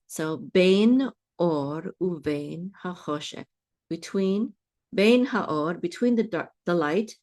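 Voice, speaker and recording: A patient woman walks her listeners through a Bible Hebrew lesson at an unhurried pace. Her voice sits a little low, and she keeps pausing to ask if they follow, going back over her own phrases. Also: animated, a little mellow. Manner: patient, checks in with "okay?" often, restarts phrases. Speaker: Hebrew teacher.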